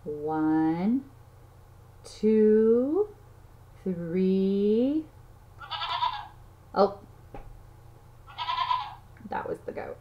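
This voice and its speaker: Woman, toddler teacher, sing-song, counting aloud, animal sounds, unhurried, faint background noise. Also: medium pitch, lively intonation. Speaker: children's teacher. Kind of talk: playful lesson for toddlers. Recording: slightly dull audio, faint noise.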